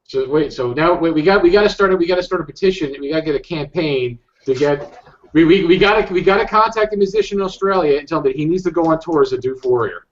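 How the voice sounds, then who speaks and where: A man on a podcast panel, chatting casually in a halting way that trails off. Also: on the high side. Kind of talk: casual chat. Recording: lo-fi podcast audio.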